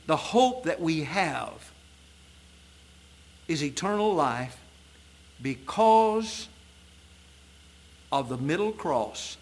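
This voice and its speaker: A man preaching an evening sermon in a church, reading scripture in old-fashioned wording and swinging between loud emphatic peaks and low, soft passages. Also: big pitch swings, drawn-out words, long pauses. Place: church sanctuary at an evening service.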